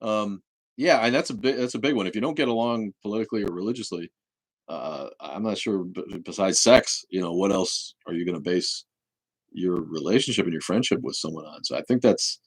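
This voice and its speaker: A man's voice: on the low side, a little fast, dry recording, poor audio. A man hosting a casual livestream Q&A who rambles, restarts his sentences and swears freely. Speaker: host.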